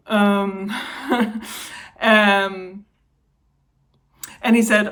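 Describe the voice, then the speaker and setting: A woman's voice: mid-range voice, flat delivery, extremely slow, long pauses, a bit bright. A young woman in a personal vlog, talking to camera while upset and venting, her voice wavering between anger and tears. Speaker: vlogger.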